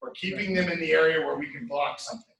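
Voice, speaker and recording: A man teaching a martial arts class, calling out moves step by step in a steady coaching way. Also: on the high side, quick pace, gravelly, a little hiss or hum. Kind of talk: class instruction. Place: training studio. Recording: echoey room, mic at a distance.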